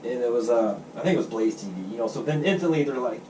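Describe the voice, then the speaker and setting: Fast-talking man, echoey room. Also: mid-range voice, expressive, darkish tone, slight background noise. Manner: fast, profane storytelling, acts out quotes. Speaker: podcast host. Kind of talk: casual chat. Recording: echoey room, mic at a distance.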